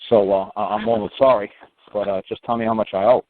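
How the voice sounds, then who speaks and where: A man's voice: on the low side, fast, a little hiss or hum. A man with a New York accent talking bluntly and profanely, acting out quoted exchanges as he gives advice on a call-in show. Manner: blunt, profane, animated storytelling with mocking quotes. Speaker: talk show guest giving advice. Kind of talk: casual phone-in talk. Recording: tinny phone line.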